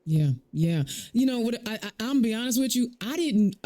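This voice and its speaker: A woman's voice: on the high side, lively intonation, moderate pace, mellow. A woman hosting a political talk show, chatty and affirming, often restarting her sentences. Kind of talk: casual interview chat.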